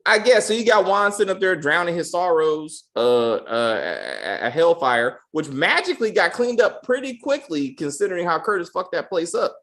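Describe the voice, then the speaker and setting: A man's voice: sits high, expressive, moderate pace, few pauses, fairly bright tone. A man hosting a casual review chat, joking and using loose slang. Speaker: podcast host reviewing a TV episode.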